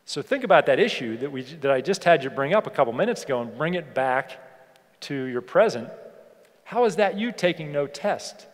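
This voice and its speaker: A man delivers a motivational keynote from a conference stage, his voice sitting a little high for a man. He hammers his points home by repeating key phrases. The stage mic throws his voice into a big hall with a long, ringing reverb. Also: moderate pace. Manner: energetic, emphatic, repeats phrases for effect. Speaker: keynote speaker.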